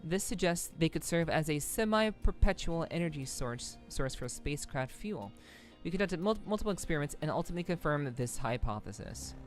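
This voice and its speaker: A woman's voice: low-pitched, lively intonation, fairly quick, few pauses, soft background music. A woman streaming a game, chatting casually and reading text aloud, rambling a bit with restarts. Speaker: VTuber streamer.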